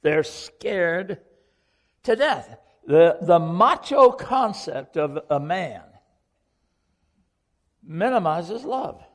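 A man's voice: high-pitched, very animated, very slow, long pauses, big-room sound. A man preaching a sermon to a congregation, earnest and questioning, repeating key lines for emphasis. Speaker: pastor.

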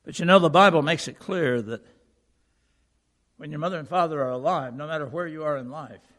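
A man's voice: a little high, brisk. Man preaching in an echoing auditorium. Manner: animated poem recital then earnest preaching. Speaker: pastor. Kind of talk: sermon. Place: church auditorium. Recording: long reverb of a large hall.

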